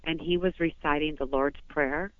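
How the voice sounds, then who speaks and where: A woman's voice: sits low, fairly even intonation, moderate pace, no room sound. A woman from Southern California, a phone-in guest, giving an emotional first-person account in a rambling, breathless way with many restarts. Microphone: telephone. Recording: tinny phone line.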